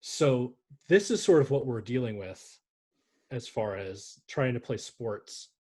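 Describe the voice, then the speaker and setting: Husky-voiced man riffing on sports. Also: mid-range voice, lively intonation, takes it slowly, mellow. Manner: rambling, joking, swears freely. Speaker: podcast co-host. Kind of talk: casual sports podcast chat.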